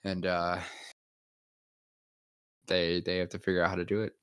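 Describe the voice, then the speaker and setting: A man's voice: low voice, little pitch movement, normal speed, smooth, no echo. A man improvising a silly story in casual chat, playful and laughing often.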